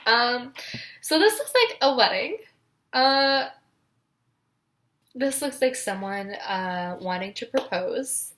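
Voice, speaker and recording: A woman's voice: fairly high pitch, animated, slow pace, long pauses, fairly bright tone, a little hiss or hum. A young woman reading tarot cards in a casual vlog, emotional and giggly, with many fillers. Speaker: tarot reader.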